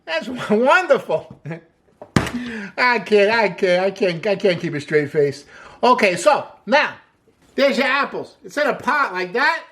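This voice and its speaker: Relaxed and cheerful, a home cook demonstrates a recipe without hurrying, kicking off lines with "hey" and praising things as "wonderful" again and again. Pitched in the middle, the voice keeps things light by joking and laughing at the asides.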